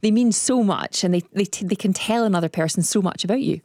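A woman's voice: mid-range voice, fast, darkish tone, dry recording, studio quality. A woman from Scotland presenting a radio interview, encouraging her guest.

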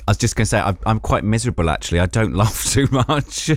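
Man, stand-up comedian, self-deprecating, chuckles, lowish voice, dry sound. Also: lively intonation, fast talker, no echo. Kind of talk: casual anecdote telling.

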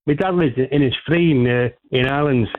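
A man's voice: medium pitch, brisk, phone-quality sound. A man calling in to a radio phone-in, rambling and repeating the host's name while putting on a mock Cockney-style accent. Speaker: caller. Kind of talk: phone-in call.

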